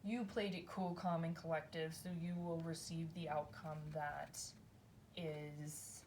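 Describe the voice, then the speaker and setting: A woman's voice: low-pitched, level tone, slow, darkish tone, slight background noise. A woman giving a casual tarot reading, thinking aloud in a chatty, rambling way, often adding "like" and "right?". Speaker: tarot reader.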